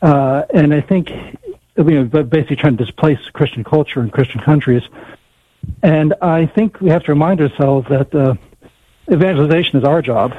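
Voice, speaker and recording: A male caller with a husky, fairly high voice speaks hesitantly, with many fillers. He is heard over a tinny, dry phone line. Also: normal speed, no echo. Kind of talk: call-in radio conversation.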